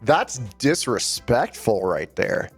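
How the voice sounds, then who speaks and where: A man co-hosts a live stream in casual, teasing banter. His mid-pitched voice moves lively up and down as he jokes with his partner. Faint music plays behind him. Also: takes it slowly, vocal fry, slightly rough. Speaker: stream co-host.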